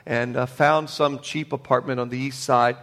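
A male pastor preaching a sermon. He is emphatic and swings from loud, high declarations to hushed, low tones. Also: steady tone, normal speed.

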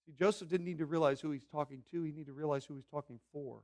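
A male pastor keeps a steady tone while preaching, pressing each point with loud, unhurried declarations and then falling back to quiet, low asides.

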